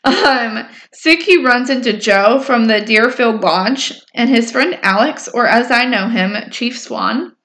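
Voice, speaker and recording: A woman's voice: a little high, expressive, slow, few pauses, fairly bright tone. A woman casually recapping a story in a rambling, chatty way with lots of fillers. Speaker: podcast co-host recapping episodes. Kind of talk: casual chat.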